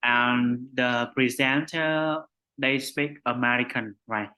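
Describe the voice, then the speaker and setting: Slow-talking Vietnamese-accented male teacher. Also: mid-range voice, sharp tone, low-quality recording. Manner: slow, repetitive, adds "right?" after most phrases. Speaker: English teacher. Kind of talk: online conversation lesson.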